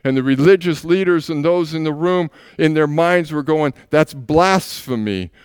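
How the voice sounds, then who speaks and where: A man's voice: on the high side, fairly even intonation, moderate pace, darkish tone, clear, resonant tone, dry recording, studio quality. A man preaching a sermon as pastor, retelling scripture scenes as stories and acting out the voices in them.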